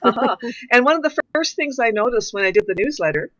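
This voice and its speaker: A woman from a church community giving earnest thanks and leading an affirmation, slowing on key phrases. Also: fairly high pitch, lively intonation, a bit bright, no echo, dull audio. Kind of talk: heartfelt formal thanks in a church service.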